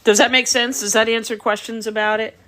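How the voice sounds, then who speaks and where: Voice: mid-range voice, level tone, a little fast, fairly bright tone, slight background noise. A dog breeder talks casually through a live stream. The speech is chatty and loose, and it explains things at length. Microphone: phone or device on a live stream.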